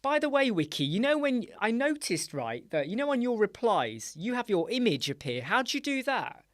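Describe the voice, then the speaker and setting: A man hosting a casual live-stream chat show, answering viewers in an animated, chatty way with many fillers and asides. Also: high voice, normal speed, no room sound, studio quality. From United Kingdom. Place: small dark room with sound panels.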